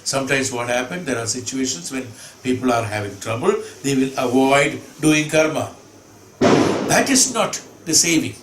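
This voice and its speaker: A man's voice: medium pitch, moderate pace. Man giving an emphatic scripture discourse. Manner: emphatic, rhetorical questions, repeats phrases. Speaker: spiritual teacher. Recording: echoey room with background hum.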